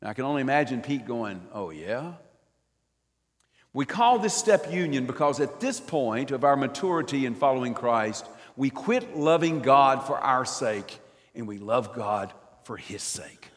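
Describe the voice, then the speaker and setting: An older man delivers a sermon in a church nave, his voice trailing off in a long hall reverb. He swings between loud, emphatic lines and hushed, almost whispered ones, with a mid-pitched voice. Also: very animated, moderate pace. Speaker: preacher.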